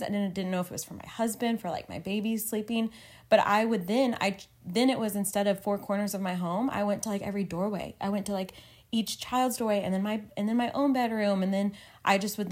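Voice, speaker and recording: A woman's voice: mid-range voice, steady tone, fast talker, a little mellow. A woman in her thirties co-hosting a faith podcast, talking earnestly and at length with lots of filler words. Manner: earnest, rambling, many "like" fillers, emotional. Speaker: podcast co-host. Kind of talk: casual faith podcast chat.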